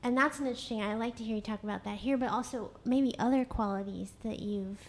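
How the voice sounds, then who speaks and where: A woman's voice: on the high side, quick pace. A woman interviewer asking a question hesitantly, with many fillers.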